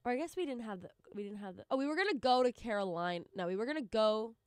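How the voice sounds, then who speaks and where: A woman's voice: fairly high pitch, lively intonation, quick pace, smooth, no echo, clean studio sound. A young woman co-hosting a casual sports chat, recounting things conversationally and often restarting her sentences. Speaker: sports show co-host.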